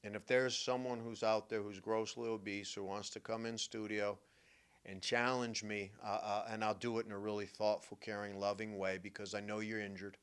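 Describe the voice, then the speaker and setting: An older man, hosting a talk show as a therapist, telling stories emphatically and swinging from hushed to loud. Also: lowish voice, little pitch movement, moderate pace, clear, resonant tone. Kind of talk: radio-style talk monologue.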